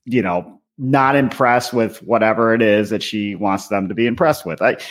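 A man's voice: fairly low pitch, normal speed. A man co-hosting a podcast in casual chat, laid-back, often laughing and hedging his points. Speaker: podcast co-host.

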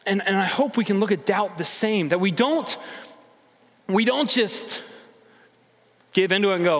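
A man preaching a sermon to a congregation, conversational and animated, acting out inner voices. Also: high voice, moderate pace, long pauses, long reverb tail. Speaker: pastor.

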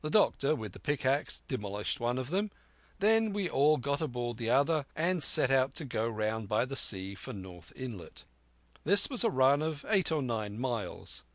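A man narrating a classic adventure novel in a steady, clear reading voice. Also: medium pitch, moderate pace, no room sound. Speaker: audiobook narrator. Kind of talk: scripted narration.

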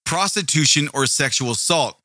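A man rants in a casual, profane commentary, his bright, edgy voice heavy with indignation and sarcasm. The sound is close and dry, with no room around it. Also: a little high, animated, normal speed, no echo. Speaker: commentary video host.

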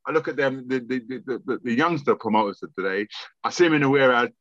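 A man's voice: medium pitch, quick pace, fairly bright tone, dry recording, dull audio. A man, a music promoter telling stories in a casual podcast interview, rambling and repeating words, swearing freely.

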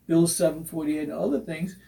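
A man's voice: on the high side, brisk, vocal fry, mellow. A middle-aged man co-hosting a casual talk show, rambling and joking with many fillers. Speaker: co-host. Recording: voice from a distance off the mic.

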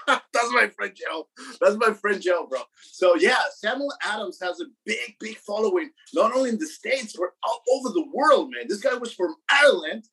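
Husky, rambling podcast co-host. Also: male voice, sits high, expressive, normal speed, bright, forceful tone, low-quality recording. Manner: rambling, swears often, repeats words, says bro and man. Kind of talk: casual beer podcast chat. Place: New York.

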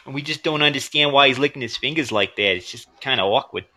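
A man's voice: medium pitch, fast, bright, forceful tone. A man co-hosting a podcast, bantering casually with crude, profane jokes. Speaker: podcast co-host. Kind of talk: casual chat.

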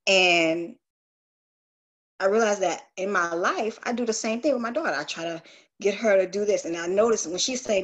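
A woman's voice: medium pitch, brisk. A woman earnestly sharing a personal spiritual story on a group call, confessional and searching, with frequent restarts.

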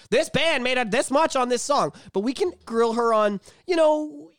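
A young man from Canada co-hosting a casual podcast chat, animated and swearing freely as he tells stories. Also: high voice, no echo, studio quality. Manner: animated, swearing, acts out drunk voices. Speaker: podcast co-host.

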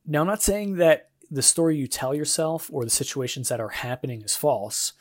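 A man's voice: on the high side, normal speed. A young man hosting a devotional podcast, talking in an earnest, encouraging, conversational way. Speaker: podcast host. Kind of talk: casual devotional podcast monologue.

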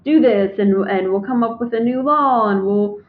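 A woman's voice: fairly high pitch, normal speed. A woman casually recapping a book, acting out the characters' quoted lines as she goes. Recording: tinny phone-like audio.

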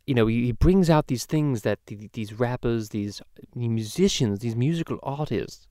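A man's voice: medium pitch, lively intonation, normal speed, dark tone, no room sound, lightly acted. Man doing a rambling, foul-mouthed cartoon dad for a parody podcast, mid-range voice, dry close sound. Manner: rambling, profane, loose storytelling. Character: crude rambling middle-aged cartoon dad. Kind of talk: casual podcast chat.

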